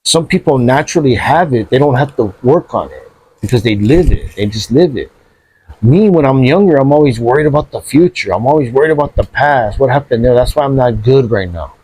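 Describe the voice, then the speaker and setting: A man chatting casually on a podcast, animated and profane, dropping bro and dude often. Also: medium pitch, a little fast, breathy edge.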